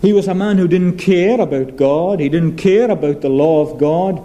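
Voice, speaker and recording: A man's voice: on the high side, moderate pace, mellow, dull audio. A male preacher giving a sermon, emphatic, asking rhetorical questions and repeating key phrases.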